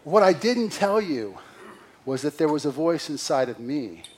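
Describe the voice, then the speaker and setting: A middle-aged man preaching a sermon as senior pastor, earnest and confessional, moving between loud emphasis and quiet asides. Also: a little high, big pitch swings, a little slow, husky. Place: church sanctuary.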